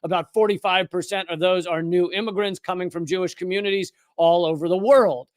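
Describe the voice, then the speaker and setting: A man's voice: high voice, steady tone, a little fast, no echo, studio quality. A man hosting a live-streamed commentary show, rambling and correcting himself, with sarcastic asides. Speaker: political commentator host.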